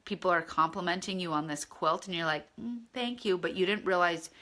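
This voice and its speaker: A woman's voice: on the low side, steady tone, a little fast, pushed and bright. A woman leading a spiritual course, talking earnestly and conversationally and often checking in with her listeners. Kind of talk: casual spiritual teaching.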